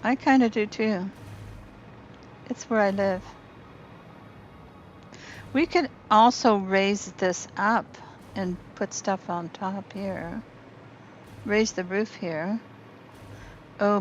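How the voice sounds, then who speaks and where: A woman's voice: medium pitch, fairly even intonation, slow pace, pauses often, dull audio, slight background noise. A woman streaming a game from her apartment, chatting casually with viewers and thinking aloud as she builds. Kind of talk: casual gameplay chat with viewers. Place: home apartment.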